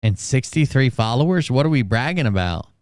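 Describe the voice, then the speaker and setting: A male commentator tears into a clip with crude, sarcastic jabs and a steady stream of profanity. His voice is smooth and resonant, recorded close and dry, with his pitch sitting in an average range. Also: fairly quick, dry recording. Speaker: reaction commentator. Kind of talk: mocking commentary on a played clip.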